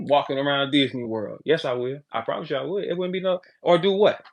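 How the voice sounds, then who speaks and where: A man hosting a podcast, ranting in a brash, profane, animated way, jumping between loud outbursts and low asides. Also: moderate pace, dull audio. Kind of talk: casual podcast rant.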